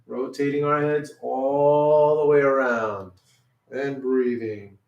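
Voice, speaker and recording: A man leading a children's music class, guiding warm-up stretches and often checking in with "okay?". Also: mid-range voice, steady tone, takes it slowly, distant mic, lo-fi sound. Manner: encouraging, repeats "okay?" often. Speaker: music teacher. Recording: roomy sound from away from the mic.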